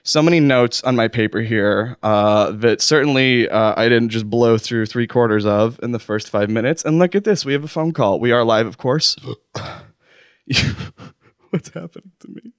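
A man's voice: medium pitch, moderate pace, smooth, no echo, clean studio sound. A man hosting a comedy call-in show, rambling through his announcements, flustered and constantly correcting himself. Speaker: host. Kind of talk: improvised comedy monologue.

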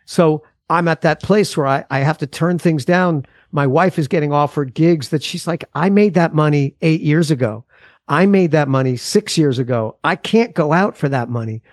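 A man's voice: on the high side, moderate pace, no echo, clean studio sound. A man in his forties, a musician guest on a podcast, talking casually in a rambling, earnest way with frequent restarts.

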